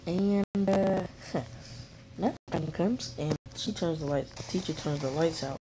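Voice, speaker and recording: A man's voice: a little high, unhurried, background noise. A young man tells a casual, rambling story while playing a game, acting out what people said in raised voices. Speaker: gaming video creator.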